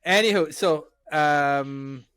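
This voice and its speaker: A man's voice: a little high, slow, fairly bright tone, clean tone, dry recording. A middle-aged man from Ireland with a Cork Irish accent, hosting a casual podcast chat and rambling with many restarts. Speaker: podcast host.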